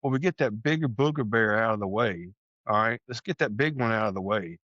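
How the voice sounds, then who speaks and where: A man's voice: fairly low pitch, lively intonation, a little fast, fairly bright tone, no room sound. A man from Texas, a podcast guest, telling his story in an earnest, folksy way and acting out conversations he recalls. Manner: earnest, folksy, acts out quoted exchanges. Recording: dull lo-fi sound.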